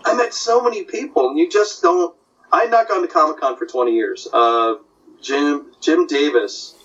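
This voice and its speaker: An older man tells lively stories and slips into voices for the people in them. His voice sits a little high. It sounds off-mic and muffled. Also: moderate pace, recorded from a distance. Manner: animated, puts on voices in anecdotes. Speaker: comic artist guest. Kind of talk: casual storytelling.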